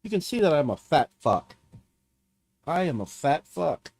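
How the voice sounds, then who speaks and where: A man streaming alone, crying and talking in a despondent, halting, repetitive way. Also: a little high, very animated, creaky, darkish tone, husky, dry recording. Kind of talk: live stream monologue.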